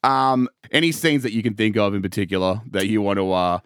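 A man's voice: fairly low pitch, fairly even intonation, fairly quick, clean tone, no echo, studio quality. Chatty Australian man who laughs a lot. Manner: laughs often, chatty, acts out quotes. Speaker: podcast co-host. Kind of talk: casual chat.

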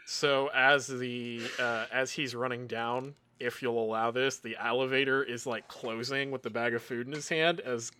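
A man at a tabletop game with a bright, forward tone at a middle pitch. He narrates what his character does in a playful way, breaking into giggles often. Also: fairly even intonation, moderate pace, hardly any pauses, slight background noise. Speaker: player. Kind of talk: casual tabletop role-play narration.

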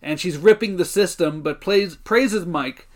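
Brief: male podcast co-host retelling episodes in a lively, casual way. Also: high voice, unhurried. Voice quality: lively storyteller, acts out quotes, swears casually. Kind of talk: casual recap chat.

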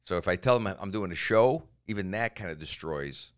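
A man co-hosting a casual podcast, telling animated stories and jumping into quoted voices. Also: sits low, a little fast, clear, resonant tone. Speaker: podcast co-host and comedian.

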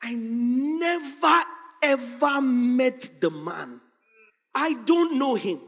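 Preacher playing an urgent impulsive disciple, lower and quieter, hall echo. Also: male voice, expressive, normal speed. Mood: pleading. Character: impulsive, pleading male disciple. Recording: long hall reverb.

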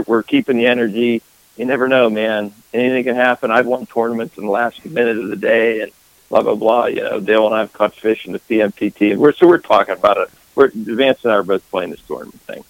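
A man's voice: fairly low pitch, gravelly, no echo, poor audio. A man co-hosting a fishing podcast, telling his side of a story in casual chat, often repeating words as he gets started. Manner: halting, repeats words before getting going. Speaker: podcast co-host.

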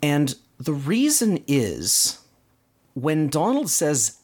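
A man's voice: medium pitch, very animated, a little slow. A man hosting a podcast, casually recounting cartoon plots in detail. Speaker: podcast host. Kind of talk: casual cartoon recap chat.

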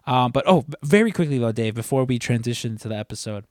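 Casual male podcast co-host, mid pitch, loose rambling delivery, dry close mic. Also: expressive, fast talker, no echo. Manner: rambling, many fillers and restarts. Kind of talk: casual chat.

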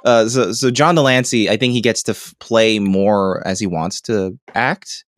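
A man's voice: lowish voice, fairly even intonation, unhurried, no room sound. A man hosting a podcast in casual chat, rambling and laughing often. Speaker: podcast host.

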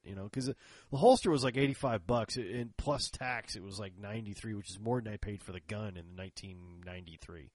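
A man's voice: mid-range voice, animated, brisk, no echo. A man in casual chat who tells long rambling stories, acts out the other people's lines and laughs often.

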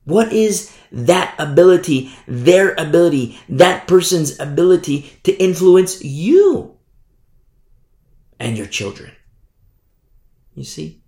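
A man's voice: on the high side, sing-song, takes it slowly, long pauses, a little mellow. A man preaching a sermon as pastor, emphatic and repetitive, often asking his listeners "you see?". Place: church hall. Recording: echoey room.

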